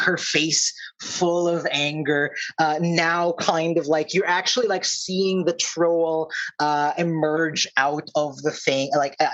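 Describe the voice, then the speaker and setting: Aussie guy DMing, slow and halting, lots of ums. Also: on the high side, fairly bright tone, poor audio. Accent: Australian. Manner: halting, full of fillers and restarts. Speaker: game master. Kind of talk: narrating a tabletop game.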